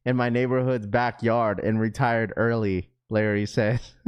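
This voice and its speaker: A man's voice: mid-range voice, takes it slowly, clean tone. Slangy male livestream host, chatting. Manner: slangy, keeps saying bro, reads viewer comments aloud; laughs often, loose and joking. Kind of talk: casual livestream chat.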